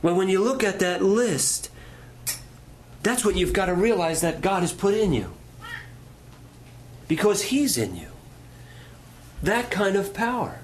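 A man's voice: sits high, big pitch swings, unhurried, long pauses, slight background noise. A middle-aged male pastor preaching a sermon, telling stories in a folksy way and asking the congregation questions.

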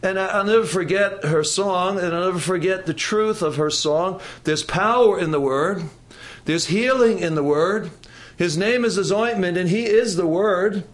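A man with a high voice preaches a sermon to a church congregation. He talks in repeated phrases and puts questions to the people in front of him. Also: moderate pace. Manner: repetitive, call-and-response preaching with audience questions. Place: church service.

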